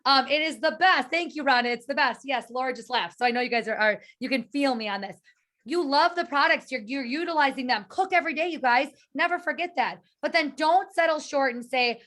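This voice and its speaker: A fairly high-pitched woman gives an eager motivational talk to her sales team over a video call. She speaks earnestly, repeating words as she restarts her sentences. The sound is that of a home call mic. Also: fairly quick, fairly bright tone. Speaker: direct sales team leader.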